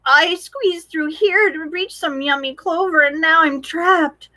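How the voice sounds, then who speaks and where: A woman's voice: extremely high pitch, unhurried, sharp tone, dry recording, pitched above the performer's own voice, heavily acted. A woman reading aloud and voicing a frightened female cow who pleads in a whimpering voice. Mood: pleading.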